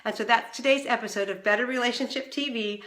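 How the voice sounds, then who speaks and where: A woman's voice: fast talker, roomy sound. A middle-aged woman hosting a relationship advice show, talking straight to the viewer and acting out the voices she quotes. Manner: animated, acts out quoted voices with big pitch swings. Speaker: relationship coach and show host. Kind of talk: direct-to-camera advice talk.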